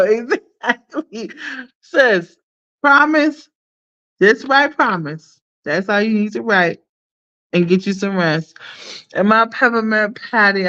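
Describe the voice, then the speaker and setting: Woman, unhurried livestream chat, playful, laughs a lot, dull lo-fi phone audio. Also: mid-range voice, fairly bright tone. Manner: playful, laughs often, hypes up viewers. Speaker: livestream host. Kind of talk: casual livestream chat with viewers.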